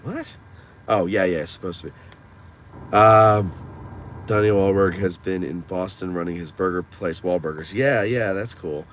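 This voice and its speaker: A low-voiced man with a fairly bright tone speaks at a measured pace as he drives through town, casually live streaming from his car. He reads out viewer comments and talks back to them. Clear sounds of traffic and the moving car fill the background.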